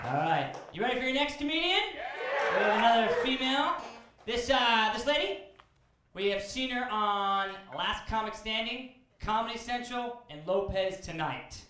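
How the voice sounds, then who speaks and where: A man's voice: very high voice, expressive, moderate pace, pushed and bright. A man hosting a comedy show, introducing the next comedian with upbeat emcee patter. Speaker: host. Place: comedy club stage. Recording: echoey club recording with cheering crowd and hiss.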